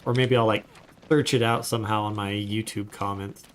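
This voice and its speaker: A man's voice: on the low side, fairly even intonation, moderate pace, a little hiss or hum. A man chatting casually while he livestreams a game, rambling into asides as he plays. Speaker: gaming streamer.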